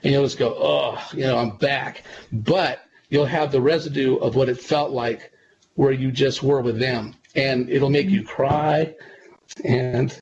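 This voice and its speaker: A man, a psychic medium guest on a radio interview, telling stories in a relaxed, rambling way and repeating himself. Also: mid-range voice, measured pace. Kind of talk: conversational radio interview storytelling. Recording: dull lo-fi sound with clear background noise.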